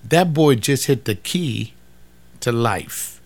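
Speaking slowly but with animation, this older male pastor has a medium-pitched voice. His informal, conversational sermon leans on emphatic repetition of phrases, addressed directly to the people listening.

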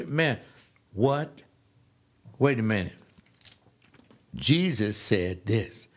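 A man's voice: mid-range voice, expressive, slow, long pauses. An older man teaching scripture in an informal, emphatic preaching style, scolding his listeners and mimicking the people he criticizes. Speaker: lay preacher.

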